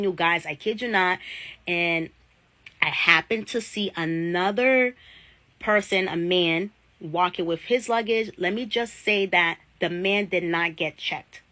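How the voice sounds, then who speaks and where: A woman's voice: medium pitch, sharp tone, no echo, low-quality recording. A woman vlogger chatting casually, retelling an ordinary experience and often addressing her viewers directly. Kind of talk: casual storytelling vlog.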